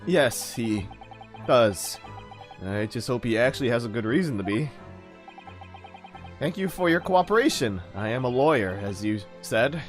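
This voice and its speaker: A streamer voicing a polite, earnest young lawyer with a calm, courteous manner. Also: male voice, mid-range voice, measured pace, long pauses, pitched below the performer's own voice, close to an everyday voice. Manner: calm, courteous, a little puzzled. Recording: game music playing faintly behind.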